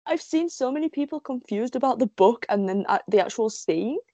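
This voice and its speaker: A woman from the UK chatting casually, telling fan stories in a gushing, giggly, animated way. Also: a little high, fairly quick, no echo. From United Kingdom. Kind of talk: casual chat.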